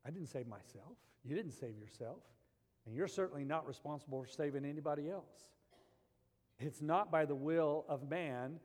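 A man preaching a sermon, animated, swinging between loud emphasis and quiet, intense passages. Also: fairly high pitch, normal speed, long reverb tail. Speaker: pastor.

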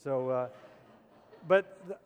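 A man preaching a sermon as pastor, telling stories with animated humor. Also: mid-range voice, takes it slowly. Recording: long reverb of a large hall.

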